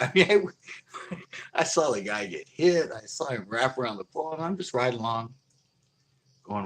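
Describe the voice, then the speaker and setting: A middle-aged man hosting a fishing channel, telling a long story in a rambling, animated way full of fillers. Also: mid-range voice, normal speed, long pauses, a little hiss or hum. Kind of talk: casual livestream storytelling.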